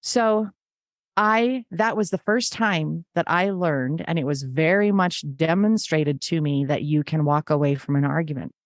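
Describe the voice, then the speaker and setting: A middle-aged woman with a notably low, grounded voice talks openly as a podcast guest. She is earnest and reflective, slipping into the voices of remembered conversations as she tells her story. The sound is close and dry, with no room around it. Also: measured pace, no echo. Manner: earnest, acts out remembered dialogue. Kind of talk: conversational interview.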